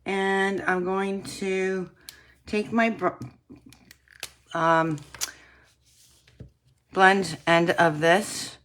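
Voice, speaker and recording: Slow-talking woman demonstrating crafts. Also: medium pitch, little pitch movement, fairly bright tone. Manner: chatty, addresses viewers as guys, frequent throat clearing. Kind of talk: casual tutorial demonstration.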